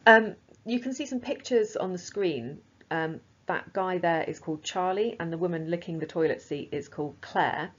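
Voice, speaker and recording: A woman's voice: lowish voice, moderate pace. A woman teacher explaining a lesson in a casual, chatty way, with frequent fillers. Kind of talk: recorded lesson. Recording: slightly dull lo-fi sound.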